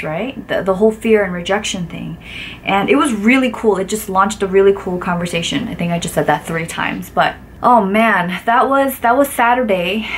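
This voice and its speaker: A woman in her thirties tells a personal story straight to camera in a casual vlog. Her voice sits at an ordinary middle pitch, and she talks animatedly, peppering every sentence with "like" and acting out what people said. A faint hum of background noise runs underneath. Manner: animated, acts out quotes with lots of "like" fillers. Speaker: vlogger.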